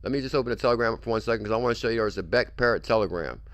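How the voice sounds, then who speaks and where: Hosting a crypto livestream, a man with a fairly low, slightly bright voice races through his words with no echo. His casual talk is pushy, repetitive hype as he keeps pressing his point and repeating "I'm telling you."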